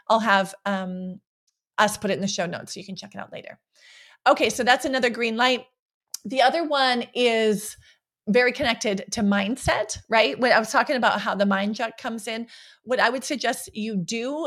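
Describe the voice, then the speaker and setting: Upbeat higher-voiced woman podcast coach. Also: fairly bright tone. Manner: upbeat, playful, often ends points with "right?". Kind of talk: casual motivational podcast talk.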